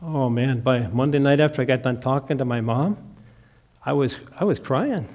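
A middle-aged man from the American Upper Midwest preaching a sermon as a personal story, dropping to a hush and then rising to emphatic lines. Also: mid-range voice, normal speed. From Upper Midwest of the United States. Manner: dramatic storytelling, swinging from hushed to emphatic. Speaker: pastor.

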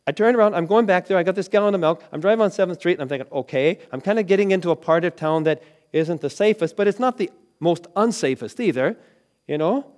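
A man's voice: high-pitched, quick pace. Preacher man telling a story. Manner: dramatic, shifts between loud and hushed. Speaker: pastor. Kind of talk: sermon with storytelling.

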